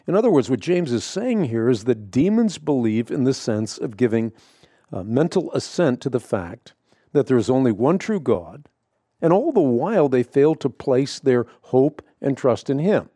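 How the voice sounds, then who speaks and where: Deep-toned man teaching on radio. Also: big pitch swings, mellow, dry recording, clean studio sound. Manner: measured, emphatic, with frequent fillers and restarts. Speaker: radio show host answering Bible questions.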